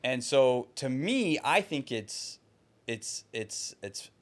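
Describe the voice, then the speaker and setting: A man hosting a casual podcast chat, reflective and halting. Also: mid-range voice, big pitch swings. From Toronto. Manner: reflective, halting, lots of fillers.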